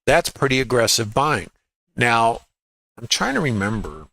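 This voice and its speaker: A man's voice: mid-range voice, big pitch swings, a little slow, creaky, fairly bright tone, no echo, low-quality recording. A man walking through live trading charts as a trading educator, emphatic, repeating key words and asking rhetorical questions.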